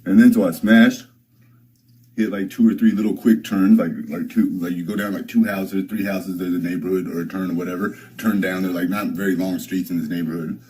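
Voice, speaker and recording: A man's voice: sits low, steady tone, a little fast, a little mellow, poor audio. A young man streaming, telling a story in a rambling, profane way, full of restarts and fillers. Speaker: live streamer.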